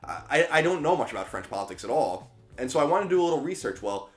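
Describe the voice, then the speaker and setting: An American man in his thirties hosting a solo political commentary video from a spare bedroom, casual and emphatic, slowing down to stress his points. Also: medium pitch, big pitch swings. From United States. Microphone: camera in a small room.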